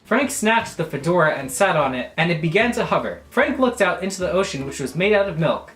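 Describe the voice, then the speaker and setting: Animated young man joking in a roomy room. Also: high voice, brisk, music in the background. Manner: animated, crude, mock-offended jokes. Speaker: YouTuber. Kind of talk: comedic reading aloud with asides.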